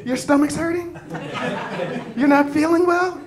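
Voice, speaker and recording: A man voicing an overprotective mother who fusses in a high, gushing voice. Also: fairly even intonation, measured pace, a crowd in the background. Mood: doting. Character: fussing, overprotective suburban mother.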